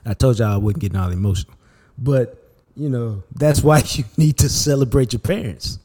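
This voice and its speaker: A man hosting a sports podcast, telling stories in an animated, slangy, casual way. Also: mid-range voice, normal speed.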